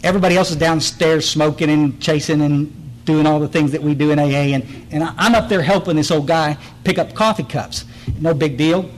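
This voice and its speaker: Man, middle-aged, recovery speaker; raised-pitch voice, emphatic testimony with restarts. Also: fairly quick, a little hiss or hum, rough recording. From Texas Hill Country. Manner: earnest, blunt, emphatic, restarts and repeats words. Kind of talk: personal testimony talk.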